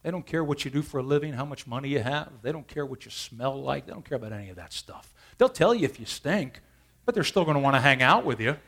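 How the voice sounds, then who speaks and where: A man preaching a sermon as pastor, an animated storyteller who laughs along with his own stories. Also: medium pitch, fast talker.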